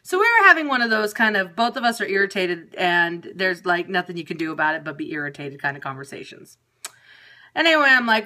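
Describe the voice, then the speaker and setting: A woman's voice: medium pitch, big pitch swings, a little fast, bright, forceful tone. A woman venting casually and profanely to viewers on a phone livestream. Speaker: periscope broadcaster. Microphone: phone camera.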